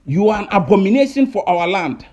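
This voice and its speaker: Angry high-voiced Ghanaian man. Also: very animated, fairly quick, a little mellow. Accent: Ghanaian English. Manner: heated and accusing, repeats phrases, many hesitations. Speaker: online commentator. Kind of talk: angry video rant.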